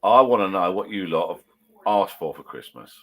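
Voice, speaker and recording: Rambling man with a low voice. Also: animated, normal speed, a bit bright. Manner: rambling, chatty and blokey, with lots of restarts. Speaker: live-stream host. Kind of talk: casual live-stream chat, reading out viewer comments. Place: home garden bar shed.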